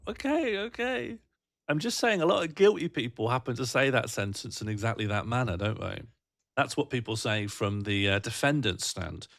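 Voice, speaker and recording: A British man hosts a livestream, rambling in a jokey, self-mocking way as he chats casually and reads out viewer comments. His voice is medium-pitched, expressive, gravelly and fairly bright, at a moderate pace. The audio is studio quality with no echo.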